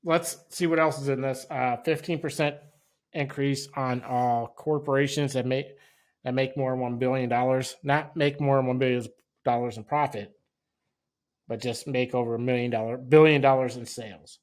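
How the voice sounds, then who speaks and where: A man co-hosting a podcast, making sarcastic remarks in casual political chat and often pausing on fillers. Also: mid-range voice, steady tone. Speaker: podcast co-host.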